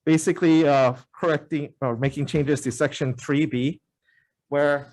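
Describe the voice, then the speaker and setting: Halting man testifying at a hearing. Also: a little high, steady tone, a little mellow. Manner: halting, many uh fillers, earnest. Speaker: member of the public testifying.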